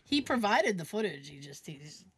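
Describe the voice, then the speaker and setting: A woman co-hosting a podcast in casual chat, acting out quotes in an animated way. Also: fairly low pitch, normal speed, husky, no room sound. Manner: animated, acts out quotes in voices. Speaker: podcast co-host.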